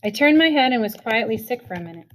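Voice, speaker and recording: A woman reading a novel chapter aloud in an even storytelling manner. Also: a little high, fast talker. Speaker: reader.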